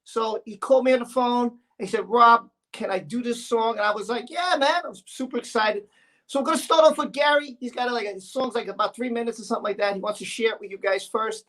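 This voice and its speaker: A man hosting a livestream in casual, excitable, chatty talk. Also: very high-pitched, quick pace. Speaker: livestream host.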